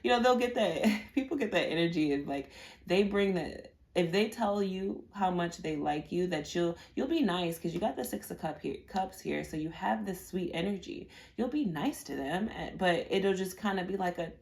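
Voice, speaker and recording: Female tarot reader, low gravelly voice, casual and rambling delivery. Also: animated, moderate pace, darkish tone. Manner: chatty and rambling, with many fillers and repeated words. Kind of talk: casual pick-a-card tarot reading.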